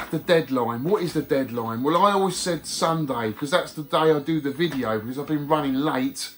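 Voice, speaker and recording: A man's voice: fairly high pitch, moderate pace, soft background music. A man hosting a video, chatting casually as he reads out competition scores with friendly asides. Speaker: YouTube host reading competition results. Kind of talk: casual chat to viewers.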